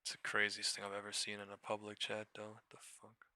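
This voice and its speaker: A man's voice: lowish voice, completely flat delivery, quick pace, sharp tone, no room sound. A young man hosting a live trading stream, swearing freely and mocking viewers in chat. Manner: profane, mocking, reacts to chat. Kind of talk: casual livestream commentary.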